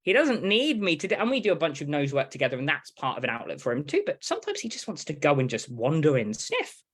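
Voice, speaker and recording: Animated English man, fairly high voice. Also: quick pace. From England. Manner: animated, acts out dog and owner voices. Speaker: dog trainer guest. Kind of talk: casual interview talk.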